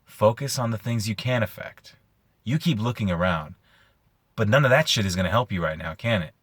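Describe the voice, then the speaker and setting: A man voicing a laid-back male climbing instructor who talks in a lazy, raspy drawl. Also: lowish voice, expressive, fairly quick, a bit bright, no echo. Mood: blunt, laid-back.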